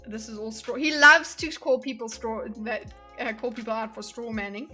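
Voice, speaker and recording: Woman streamer riffing on a clip, blunt and sarcastic, high bright voice. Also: fairly even intonation, normal speed, soft background music. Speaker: streamer commentator. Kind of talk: casual live commentary.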